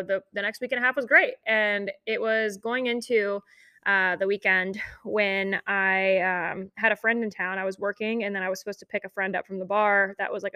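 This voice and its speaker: Young woman podcaster rambling through a story, says like a lot, crisp bright voice. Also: mid-range voice, no room sound. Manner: chatty, lots of "like", laughs while telling. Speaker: podcast host. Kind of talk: casual storytelling.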